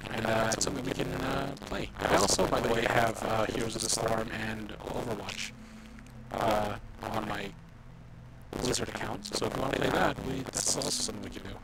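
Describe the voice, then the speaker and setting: A man's voice: lowish voice, normal speed, vocal fry, very noisy. A man streaming a video game live, walking viewers through the steps in a chatty, explaining way.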